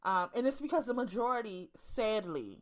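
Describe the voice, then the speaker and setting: Woman, 30s, Baltimore accent, slightly high voice, blunt, profane monologue with lots of repetition. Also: lively intonation, moderate pace. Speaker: online commentator. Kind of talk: casual monologue to camera.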